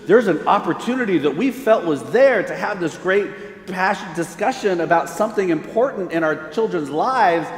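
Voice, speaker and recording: A man's voice: sits high, moderate pace. A middle-aged man, a pastor giving a conversational conference talk, telling stories and acting out the voices of the people in them. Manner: conversational, animated storyteller acting out quoted voices. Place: large hall. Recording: echoey hall, long reverb.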